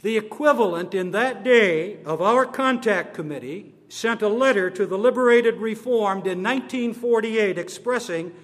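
A man giving a formal address on church history, slow and deliberate, stressing his words one by one. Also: sits high. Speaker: church speaker on denominational history. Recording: long reverb of a large hall.

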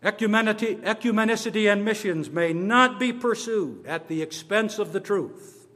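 A man giving a formal address on church history, slow and deliberate, stressing his words one by one. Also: sits high, a bit bright. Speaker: church speaker on denominational history. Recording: long reverb of a large hall.

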